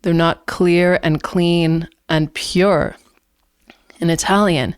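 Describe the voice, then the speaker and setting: A woman in her forties, a vocal coach, giving an online singing lesson and explaining things clearly. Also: lowish voice, steady tone, takes it slowly, no room sound, studio quality. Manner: explains clearly, demonstrates vowel sounds.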